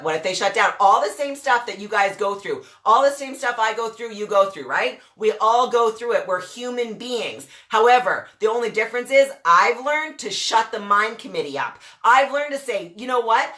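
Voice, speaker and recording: A woman's voice: medium pitch, bright, forceful tone. A woman in her forties, a network marketing coach, giving a blunt, mouthy motivational rant and asking "guess what?" again and again.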